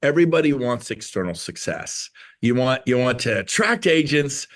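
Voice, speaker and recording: A man in his fifties from California, a real estate agent on a webinar panel, giving an excitable motivational pitch. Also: normal speed. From California, USA.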